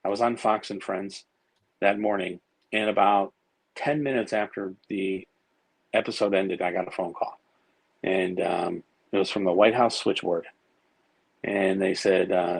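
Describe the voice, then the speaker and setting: A man's voice: sits low, fairly even intonation, unhurried, gravelly, slightly rough, no echo, rough recording. A man guesting on a podcast, telling long, rambling stories with plenty of fillers and some swearing. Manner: rambling, profane, many fillers and restarts. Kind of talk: casual storytelling.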